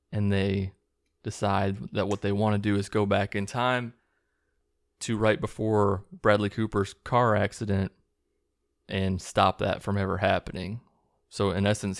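Gravelly low-voiced man recapping a movie. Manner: rambling, chuckling, profane retelling with restarts. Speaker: movie reviewer.

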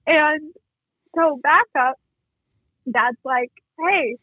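A woman's voice: high-pitched, expressive, takes it slowly, no echo. A woman speaking candidly as a guest, opening up in a tearful way. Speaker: guest, younger sibling. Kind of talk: emotional personal chat. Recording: tinny phone-like line.

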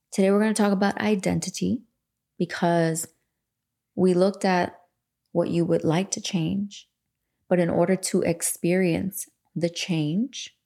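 A woman in her forties hosts a self-help podcast from home, talking in a loose, rambling, candid way and swearing without a pause. Her voice sits a little low, with a gravelly, husky texture. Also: dark tone. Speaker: podcast host. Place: home room facing a lake.

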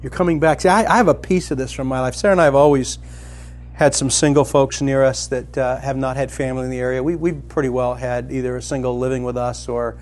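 In a fast, medium-pitched voice, a middle-aged man preaches as a pastor, sharing something from his own life and climbing toward loud, excited emphasis.

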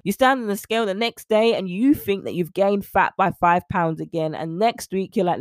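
A woman hosting a solo podcast, chatty and animated, acting out little scenes as she talks. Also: medium pitch, a little fast, hardly any pauses, no room sound, studio quality. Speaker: podcast host.

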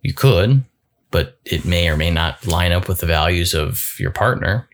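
A man giving a reflective solo talk as a coach, thoughtful and halting, often repeating words as he goes. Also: low voice, lively intonation.

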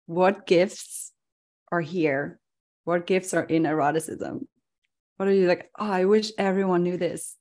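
A woman hosts a relaxed podcast conversation. She talks expressively, laughs often and slips into the voices of people she quotes. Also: lowish voice, unhurried. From Netherlands. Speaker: podcast host. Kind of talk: casual conversational interview.

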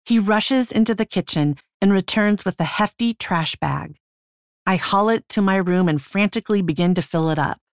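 A woman's voice: medium pitch, moderate pace, dry recording, studio quality. A woman reads her own memoir as an audiobook in an intimate, tense first-person style. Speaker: memoir author and narrator.

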